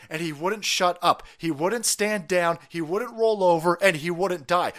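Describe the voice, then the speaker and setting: A man hosting a livestream, ranting sarcastically with profanity and shouted outbursts. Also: high voice. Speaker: livestream host. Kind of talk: ranting political commentary.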